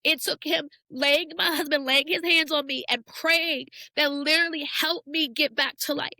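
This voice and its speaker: A woman's voice: high voice, steady tone, moderate pace, sharp tone. A woman speaking as a podcast guest, giving a candid personal testimony about building a church, earnest and repeating phrases for emphasis.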